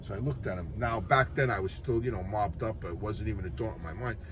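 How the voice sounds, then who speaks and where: A man from Queens, New York, with a New York accent and a lowish, brisk voice, recounts stories from his past in casual anecdotes. His style is blunt, profane and streetwise, with background noise in the recording.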